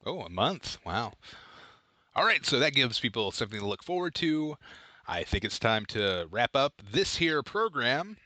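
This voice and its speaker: Animated, bright-voiced joking male podcaster. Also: mid-range voice, normal speed, no echo. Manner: playful, jokey, rambling with fillers. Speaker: podcast co-host. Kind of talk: casual comedic podcast chat.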